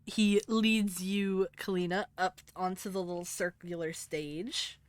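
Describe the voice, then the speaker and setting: A woman narrating a tabletop game as game master, descriptive and relaxed. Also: on the low side, a little slow.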